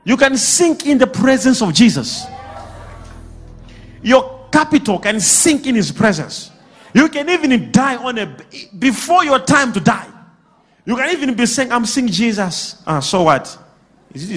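Male preacher, high and lively voice, animated delivery with sudden shouts and call-and-response. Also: slightly rough. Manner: animated, bursts into shouts and laughter.

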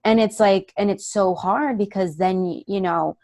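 A young woman from Miami, an actress, telling personal stories in a candid interview, animated and full of fillers. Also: mid-range voice, normal speed, dry recording. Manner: animated storytelling, many fillers, acts out quoted voices. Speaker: actress guest.

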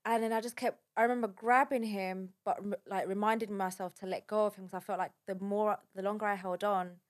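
A woman's voice: medium pitch, fairly even intonation. Woman recounting an ordeal. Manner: shaken, halting storytelling with many fillers. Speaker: guest telling a personal story. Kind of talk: casual spoken account.

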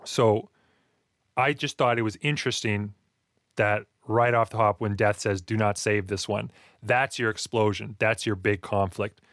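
Low-voiced man in lively writing chat. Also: a little slow, dry recording, clean studio sound. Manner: animated, acts out reactions in quoted asides. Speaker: podcast co-host discussing writing. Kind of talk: casual chat.

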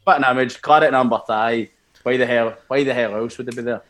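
A young man with a Scottish accent, co-hosting a casual podcast and telling animated football anecdotes, laughing as he goes. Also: mid-range voice, fairly quick. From Scotland. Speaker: podcast co-host. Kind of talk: casual storytelling chat.

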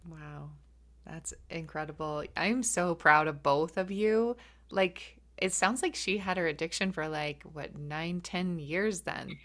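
Sympathetic woman interviewer, lowish voice. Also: measured pace, a bit bright. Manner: attentive, sympathetic questions.

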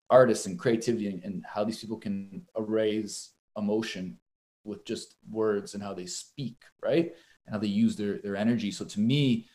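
A man's voice: fairly low pitch, a little mellow. A young man, a boxer and poet, talking casually in an interview, telling rambling stories full of fillers and swearing. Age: young adult. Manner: rambling, profane storytelling with many fillers. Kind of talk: casual conversation.

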